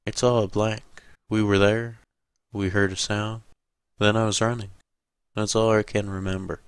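A man's voice: on the low side, level tone, unhurried, smooth, dry recording, lightly acted. A man reading a shaken, jittery husband in an audiobook. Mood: dazed.

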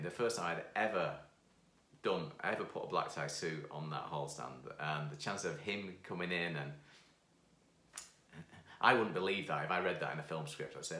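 A man telling a funny personal anecdote in an animated way, laughing often and acting out what people said. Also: sits low. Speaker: founder of a piano course. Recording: roomy echo.

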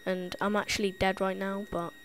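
A woman's voice: medium pitch, flat delivery, moderate pace. A woman with a lisp giving playful, jumpy gameplay commentary, easily spooked and giggly. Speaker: gameplay tutorial host.

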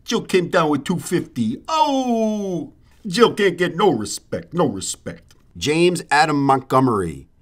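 A man's voice: on the high side, sing-song, slow pace, exaggerated voice. A man voicing a greedy, crude male cartoon hedgehog star in a brash, foul-mouthed comedic way. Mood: roasting.

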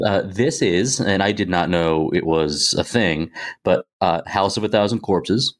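A man's voice: low-pitched, measured pace. A man co-hosting a movie podcast, chatting casually and hesitantly with many restarts. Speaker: podcast co-host.

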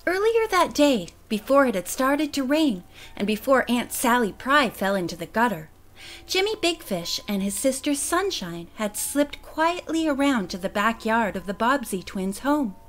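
Woman narrator for a kids' audiobook, higher voice, very lively reading. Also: normal speed. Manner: expressive storytelling. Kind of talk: reading a children's book aloud.

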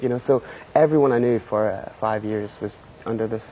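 A Scottish man from Scotland, a guest author in a studio TV interview, talking haltingly with many fillers and short laughs. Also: on the low side, mellow, slight background noise, poor audio.

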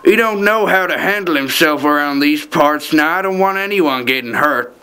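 Buck, a bright old slug cowboy. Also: male voice, a little high, normal speed, clean tone. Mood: folksy. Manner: folksy, blustering. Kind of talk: student cartoon voice acting.

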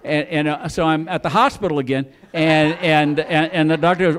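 A middle-aged man on a comedy club stage tells a long story in a fairly high voice. He rambles and repeats words, and he acts out the lines of the people in his story. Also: steady tone, moderate pace. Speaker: stand-up comedian. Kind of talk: stand-up storytelling.

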